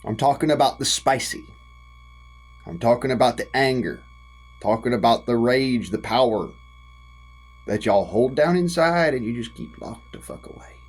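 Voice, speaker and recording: This U.S. vlogger's mid-range voice is slightly rough, and the recording is rough too. Facing the camera, he launches into an impassioned, folksy rant laced with profanity, drawing out words for emphasis.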